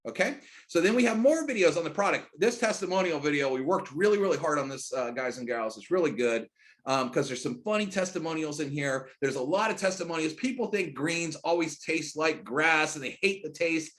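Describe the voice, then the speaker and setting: A middle-aged man leads a screen-share training presentation with a slightly raised pitch. He talks hyped and emphatic, in rapid runs that burst upward into loud, high punches of emphasis. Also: lively intonation. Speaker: network marketing trainer.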